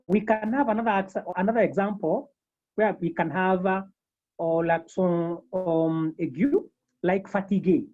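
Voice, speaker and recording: A woman teaching a beginners' French class over a video call, slowly repeating each term several times. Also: mid-range voice, dark tone, dull audio. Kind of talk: online language lesson.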